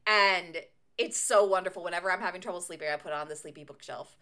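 A woman's voice: fairly low pitch, fast talker, sharp tone. A woman co-hosting a book podcast, chatting casually, laughing often and recapping the plot at length. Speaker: podcast co-host. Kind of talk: casual book-club chat.

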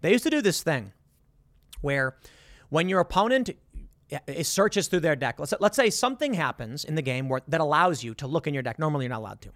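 Man, emphatic commentator, high lively voice, dry close sound, stammers and quotes people mid-rant. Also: brisk, no echo. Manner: emphatic, repeats words and acts out quotes. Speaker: political commentator. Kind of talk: animated monologue.

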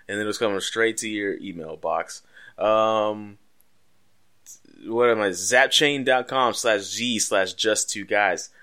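A man's voice: fairly low pitch, unhurried, pushed and bright. A man co-hosting a casual podcast, loose and profane, joking with his co-hosts as he wraps up the show. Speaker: podcast co-host.

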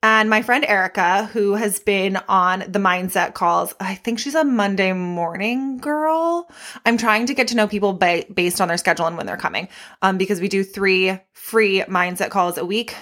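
A young woman talks into her podcast microphone in a loose, unscripted solo episode. She is chatty and candid, with animated asides and casual swearing. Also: mid-range voice, normal speed. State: pregnant. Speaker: podcast host and fitness instructor.

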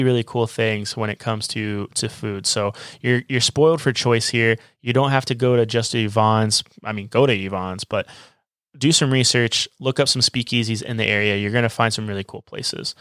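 A man's voice: mid-range voice, moderate pace, a bit bright, dry recording, studio quality. A man co-hosting a casual travel podcast, recommending places to listeners with enthusiasm. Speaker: podcast co-host.

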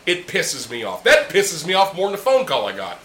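A man's voice: a little high, wildly swooping pitch, normal speed, fairly bright tone. A man hosting a casual podcast chat, talking bluntly and heatedly with heavy swearing while sharing beers with friends in a room. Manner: blunt, heated, heavily profane. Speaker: podcast host. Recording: roomy echo, faint background hum.

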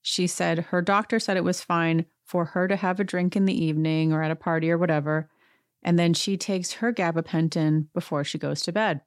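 Woman, casual recap host, sarcastic, acts out quotes, lower pitch, dry sound. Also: a little fast, no room sound. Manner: chatty, sarcastic, acts out quotes with lively voices. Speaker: podcast host recapping a reality show.

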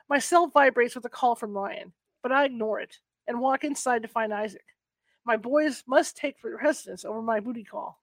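A woman with a fairly high voice reads a first-person novel aloud. She keeps a soft, unhurried pace and sometimes stumbles and restarts a word. The sound is close and dry. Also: no echo. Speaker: book reader.

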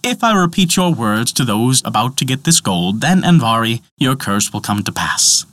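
A cold, ruthless trickster god, threatening in a lively, varied voice, as a male storyteller puts him on. Dry and close, with no echo. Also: mid-range voice, moderate pace. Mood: menacing. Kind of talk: storybook narration.

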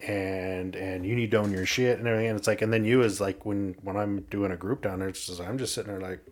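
A man's voice: lowish voice, steady tone, fast, a little hiss or hum. A man who leads groups, talking as a guest in a casual podcast conversation, meandering and trailing off.

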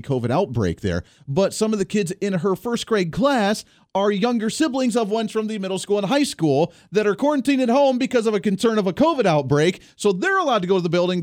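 Man, talk show host, lively swinging pitch, dry close sound, indignant monologue. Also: no echo. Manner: animated, indignant storytelling. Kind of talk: opinionated monologue.

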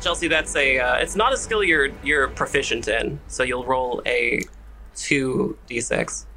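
A man's voice: mid-range voice, unhurried, pushed and bright, low-quality recording. A man narrating as game master of a tabletop game, explaining rules in a hesitant way full of fillers.

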